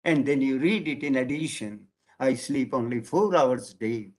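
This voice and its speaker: A man with an Indian English accent and a mid-range voice gives a lecture, addressing his listeners as "friends" and slowing down to stress key words.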